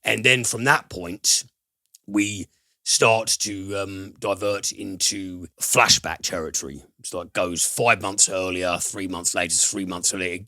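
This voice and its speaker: A low-pitched man hosts a casual film podcast, walking through a plot in a halting way, full of ums and uhs and the odd swear word. His tone is bright and forceful, and the recording is dry and close with no room echo. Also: steady tone. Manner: hesitant, filler-heavy plot retelling with casual swearing. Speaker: podcast host, film reviewer. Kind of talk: casual film review chat.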